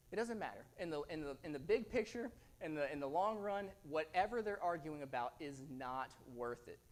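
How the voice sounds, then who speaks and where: A young man gives a sermon as a guest preacher. His voice sits a little high, and he talks in an earnest, conversational way, doubling words as he works through his points.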